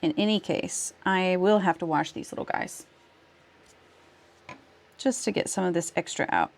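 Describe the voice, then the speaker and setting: A woman's voice: lowish voice, normal speed. A woman streaming live, chatting casually with viewers while she works on a craft, laughing often and talking herself through each step. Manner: giggly, thanks viewers warmly, talks to herself while working.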